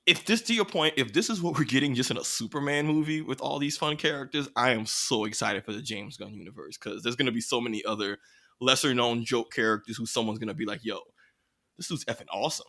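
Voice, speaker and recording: A man co-hosting a podcast, talking in an animated, slangy way with quick riffs. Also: mid-range voice. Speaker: podcast co-host. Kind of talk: casual chat.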